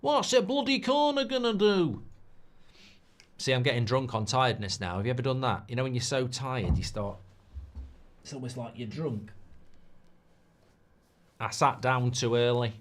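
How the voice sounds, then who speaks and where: A man's voice: medium pitch, normal speed, long pauses. Guy hosting a live football watchalong, gets worked up, swears a lot. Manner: excitable, sweary, chatty. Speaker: host.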